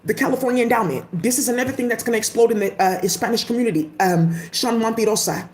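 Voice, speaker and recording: A woman's voice: a little high, fast talker. A woman vlogger giving a casual, emphatic rant full of profanity. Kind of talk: casual ranting commentary. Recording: echoey room.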